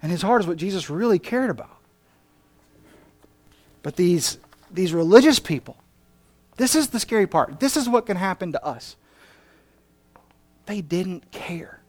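A male pastor preaching a passionate sermon, moving between emphatic lines and quiet ones. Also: high voice, lively intonation, measured pace, long pauses, no room sound.

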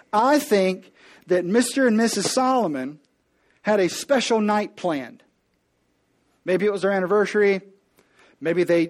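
A man preaching a sermon with humor, telling the story playfully and acting out the characters in quick voices while speaking to the congregation. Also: sits high, darkish tone. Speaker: pastor.

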